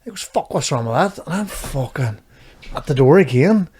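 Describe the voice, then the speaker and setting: A man's voice: a little high, lively intonation, normal speed, mellow, slight background noise. A man with a Northern Irish accent, co-hosting a podcast and telling rambling, sweary anecdotes in casual chat. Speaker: podcast co-host.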